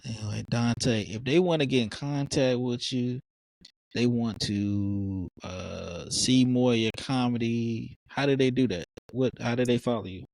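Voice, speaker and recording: An excitable host, talking at a mid pitch. He tumbles through his stories and trips over his own words. His voice sits close and dry on the mic. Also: unhurried, gravelly, no echo. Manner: animated storyteller, excitable, stumbles over words. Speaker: podcast host. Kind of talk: casual interview chat.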